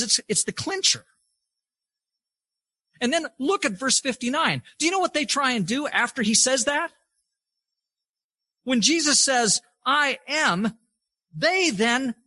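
A male preacher whose high, bright voice swings widely in pitch as he drives his points home. His tone has a husky edge, and he stacks up repeated phrases for emphasis. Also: sing-song, unhurried, pauses often, dry recording. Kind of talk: sermon.

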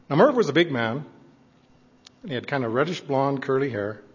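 An older man with a husky voice tells fond, earnest stories to his congregation. His voice rings out with a long echo in a church hall. The recording sounds dull and lo-fi. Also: medium pitch. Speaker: church member addressing congregation. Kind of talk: reminiscing speech to a congregation.

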